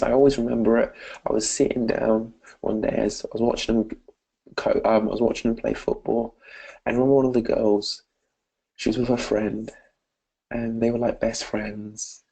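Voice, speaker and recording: Gravelly British man telling his story. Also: medium pitch, moderate pace, rough recording. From Britain. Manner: earnest, animated storytelling that often addresses listeners as "guys". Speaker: motivational speaker. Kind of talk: personal story told to camera.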